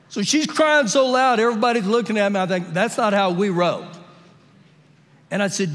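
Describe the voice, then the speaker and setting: A male pastor preaching a sermon during a live church service, telling animated, humorous stories and acting out the voices in them. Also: high voice, normal speed. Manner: animated storytelling, acts out quotes with humor. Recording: live church audio with long hall reverb.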